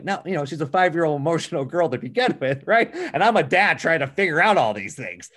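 A man's voice: a little high, sing-song, normal speed, a bit bright. Earnest man telling a life story. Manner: earnest storytelling, frequent "okay" and "right?". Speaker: business speaker on a call. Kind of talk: motivational talk.

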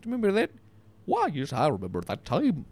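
A man's voice: fairly high pitch, huge pitch swings, darkish tone, no echo, exaggerated voice. A man putting on a rambling school friend. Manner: hesitant, rambling, full of pauses. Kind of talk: improvised phone-call comedy bit.

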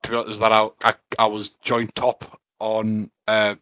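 A man's voice: on the low side, completely flat delivery, moderate pace, pushed and bright, no room sound. A man, co-hosting a podcast in enthusiastic casual chat, with lots of fillers. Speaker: podcast co-host.

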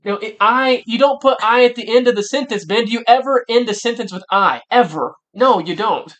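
A man's voice: very high voice, a little fast, a bit bright. A young man hosting a casual sports podcast who insists on his point again and again. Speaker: podcast host.

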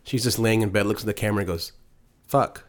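A man co-hosting a podcast in casual chat, joking and quick to laugh. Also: lowish voice, fairly even intonation. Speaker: podcast co-host.

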